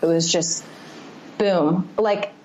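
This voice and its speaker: A woman's voice: lowish voice, fairly even intonation, takes it slowly, darkish tone, slight background noise. Woman podcast guest, confessional storyteller, filler-heavy, dull lo-fi sound. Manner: confessional, rambling, frequent "like" fillers. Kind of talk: candid personal storytelling. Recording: slightly muffled podcast audio.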